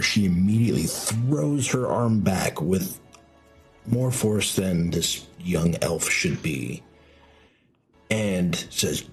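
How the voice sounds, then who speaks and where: A deep-voiced man narrating as game master, unhurried and vivid in his scene-setting. He often pauses and rephrases mid-sentence, with quiet music playing underneath. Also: husky. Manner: slow, descriptive, hesitant restarts.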